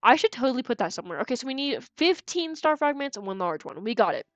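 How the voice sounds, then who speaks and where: A woman's voice: a little high, big pitch swings, fast, dry recording, muffled recording. A woman streamer giving live game commentary in a chatty, giggly way, thinking aloud and stumbling over repeated words.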